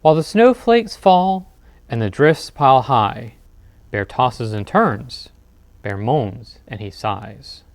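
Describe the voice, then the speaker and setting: A man reading picture books aloud as a librarian at a bedtime storytime, expressive with dramatic pauses. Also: mid-range voice, no echo. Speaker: children's librarian.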